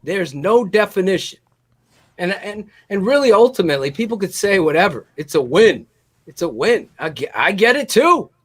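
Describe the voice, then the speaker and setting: A man co-hosting a live post-game show, ranting in a fiery, profane way and often shouting, on a video call. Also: sits high, big pitch swings, moderate pace, husky. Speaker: co-host.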